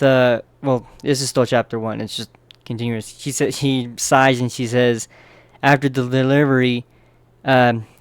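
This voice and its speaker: A man talking through a manga story in a relaxed, conversational way, tagging sentences with quick "right?" check-ins. His voice sits at an ordinary middle pitch. The recording is close and dry, with almost no room sound. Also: smooth, no room sound. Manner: loose and chatty, keeps checking in with "right?". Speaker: manga recap YouTuber. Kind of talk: casual manga recap narration.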